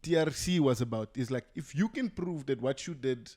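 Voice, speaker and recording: A man's voice: medium pitch, lively intonation, moderate pace, mellow. Young guy from south africa talking it through on a podcast, thinking aloud, muffled camera mic. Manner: thinks aloud, many fillers and restarts. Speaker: podcast guest. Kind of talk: casual podcast discussion.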